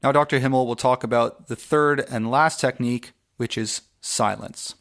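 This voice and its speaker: A man hosting a medical podcast, asking measured questions and summing up the discussion. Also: mid-range voice, steady tone, fairly bright tone. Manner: measured, poses questions and sums up. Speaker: podcast host. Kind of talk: podcast interview.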